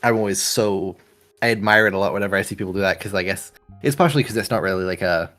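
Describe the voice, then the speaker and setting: A man from Australia hosting a podcast, talking quickly and eagerly and acting out quotes. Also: deep voice, a bit bright, soft background music. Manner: quick, enthusiastic, laughing, acts out quotes. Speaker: podcast host. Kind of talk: casual chat.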